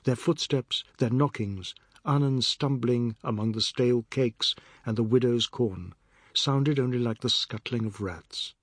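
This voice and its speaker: A man narrating a novel in a measured, steady storytelling manner. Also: mid-range voice, husky, no room sound, clean studio sound. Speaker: audiobook narrator. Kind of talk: scripted narration.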